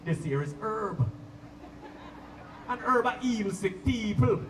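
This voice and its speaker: A man putting on a slow-talking Jamaican roots man. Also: high voice, expressive, noisy background. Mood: sage. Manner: slow, drawn-out preaching. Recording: echoey, distant live stage audio.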